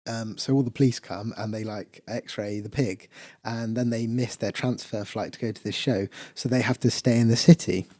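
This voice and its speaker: Chill podcast guy recapping a movie, lots of ums, warm low tone, dry mic. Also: steady tone, moderate pace, no echo. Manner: rambling recap with many fillers. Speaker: podcast co-host. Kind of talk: casual film chat.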